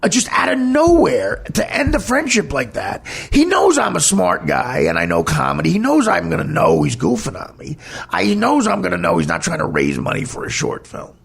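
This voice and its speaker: A man's voice: high voice, wildly swooping pitch, normal speed, vocal fry, a bit bright, slightly rough. A man, a comedian hosting a podcast, telling a candid personal story in a blunt, emphatic, heated way.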